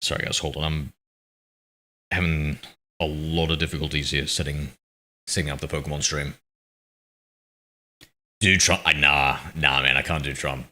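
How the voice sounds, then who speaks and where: A man chatting with viewers on a game stream in a low voice with a bright, forward edge. He rambles and pokes fun at himself as he reads their messages aloud. His voice comes through a streaming mic with noise suppression. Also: steady tone, moderate pace, long pauses. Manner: rambling, self-deprecating, reads chat aloud. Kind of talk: casual live-stream chat. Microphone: streaming mic with noise suppression filter.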